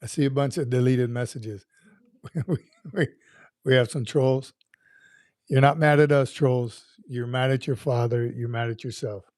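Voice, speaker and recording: A man's voice: medium pitch, steady tone, measured pace, a little mellow, no echo, clean studio sound. A man hosting a casual livestream, greeting viewers by name in an upbeat, folksy, rambling way. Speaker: livestream host.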